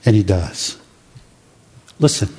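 A man preaching a sermon with dramatic, emphatic pauses. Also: fairly low pitch, lively intonation, warm tone, slightly rough. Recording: long reverb of a large hall.

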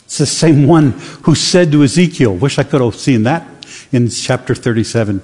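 A man preaching a sermon with dramatic, emphatic pauses. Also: mid-range voice, expressive, darkish tone, husky. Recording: long reverb of a large hall.

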